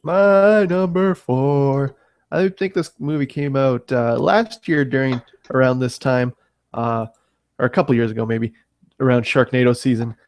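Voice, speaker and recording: Gravelly Canadian man, rambling chat. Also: mid-range voice, normal speed, no room sound. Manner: rambling, hesitant, full of 'like' and 'uh'. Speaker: podcast co-host. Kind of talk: casual chat.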